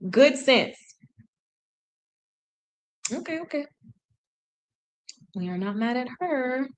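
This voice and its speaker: Woman streamer, slow and easygoing, thinks out loud, self-correcting learner. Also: fairly high pitch. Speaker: language learner reading aloud. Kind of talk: casual live-stream reading and translating.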